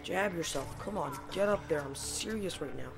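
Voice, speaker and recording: A young woman talks her viewers through a game, exasperated and poking fun at herself. Her voice has a gravelly, fry-heavy texture. Clear game music plays underneath her home mic. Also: sits low, normal speed. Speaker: gaming channel host. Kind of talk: let's-play commentary. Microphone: home mic that cuts out.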